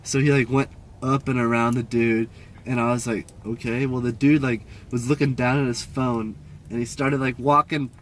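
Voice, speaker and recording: A man's voice: mid-range voice, flat delivery, normal speed, slight background noise. A young man co-hosting a podcast, laid back and full of surfer slang, retelling a run-in in casual chat. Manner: laid-back surfer slang, quotes people in raised voices. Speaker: podcast co-host.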